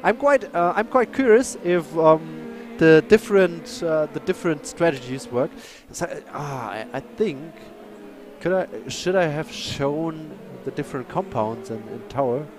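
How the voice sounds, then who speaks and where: A man who speaks natively, chatting and commentating a live sim race, excitable and apologetic. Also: on the high side, a little slow, music in the background. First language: German.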